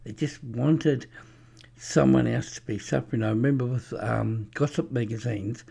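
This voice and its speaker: A man's voice: medium pitch, moderate pace, warm tone. A man giving a rambling, preachy religious monologue with anecdotes, many fillers and restarts. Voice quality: gravelly. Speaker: religious speaker.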